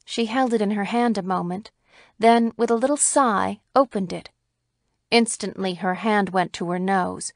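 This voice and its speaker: A woman narrating a classic short story as an audiobook reader, in a measured, even storytelling manner. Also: medium pitch, dry recording, studio quality. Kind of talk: scripted narration.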